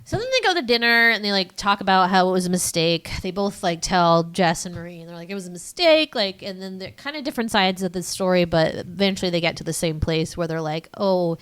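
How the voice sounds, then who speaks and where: Chatty woman with a smooth, lowish voice. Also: animated, fairly quick, few pauses, fairly bright tone. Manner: rambling, filler-heavy retelling with acted quotes. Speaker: podcast co-host. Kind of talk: casual movie recap chat.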